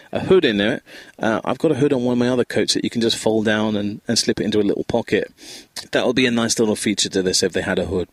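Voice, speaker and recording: A man's voice: on the low side, dry recording. A man hosting a casual solo podcast from his home, chatting in a rambling, easily distracted way as a Scout leader. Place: at home by a window.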